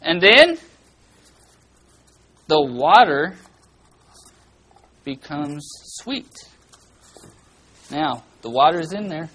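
Drawing out words and pausing frequently, a medium-pitched children's church teacher leads an animated Bible lesson, full of questions to the kids and loud, dramatic outbursts. The recording quality is low.

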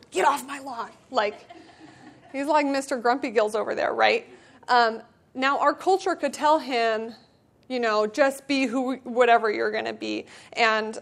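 A woman's voice: on the high side, fairly bright tone. A woman speaking earnestly to a church community in a conversational devotional talk, then reading a storybook aloud. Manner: earnest, conversational, with filler words.

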